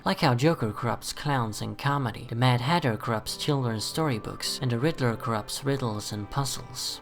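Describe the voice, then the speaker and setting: A man narrating a scripted video in a steady, measured way, with soft music playing behind him. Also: medium pitch, vocal fry. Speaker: video host.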